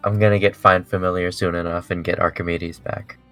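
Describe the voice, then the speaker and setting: Halting, laughing man at a game table. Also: sits low, level tone, sharp tone, soft background music. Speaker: player. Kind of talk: casual tabletop game chat.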